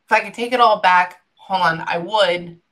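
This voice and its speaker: A woman gives a medium reading in a crisp, bright voice. She keeps breaking off mid-thought to listen, then relays what she hears in quick, chatty bursts. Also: on the low side. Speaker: psychic medium. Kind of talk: reading session, relaying messages.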